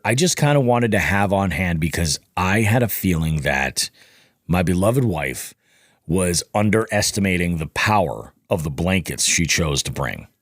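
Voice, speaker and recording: A man's voice: fairly low pitch, no echo, studio quality. A man guesting on a podcast, telling a casual, profane story and acting out what people said. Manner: animated, profane, acts out quoted dialogue.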